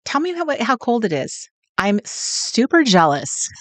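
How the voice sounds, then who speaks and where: A woman's voice: on the high side, very animated, measured pace, no echo. A woman from California hosting a late-night craft livestream, chatting and greeting viewers in a giggly, sing-song way. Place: home, at night.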